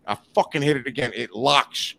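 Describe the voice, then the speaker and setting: A man's voice: mid-range voice, moderate pace, creaky. A man telling a wild story as a podcast guest, cursing freely and laughing as he goes. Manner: profane, animated anecdote-telling with laughter. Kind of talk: casual storytelling. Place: podcast studio.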